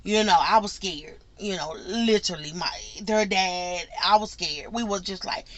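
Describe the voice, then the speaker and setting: Bright, chatty woman telling her story. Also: medium pitch, normal speed. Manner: chatty, repeats herself, acts out quotes. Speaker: truck driver vlogger answering questions. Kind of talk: casual Q&A vlog.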